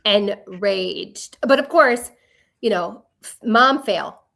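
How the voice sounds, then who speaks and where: A woman in her forties co-hosting a podcast, telling stories in an animated way and acting out her own quotes. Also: medium pitch, slow, creaky. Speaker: podcast co-host. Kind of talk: casual chat.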